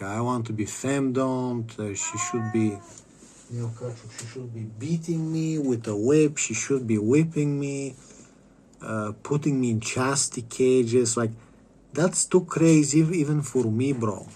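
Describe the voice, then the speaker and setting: A man rambles through a casual vlog monologue, swearing freely and stumbling over restarts. His voice sits in an ordinary middle pitch. Faint noise hums behind him. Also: measured pace, darkish tone. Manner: rambling, profane, stammering restarts.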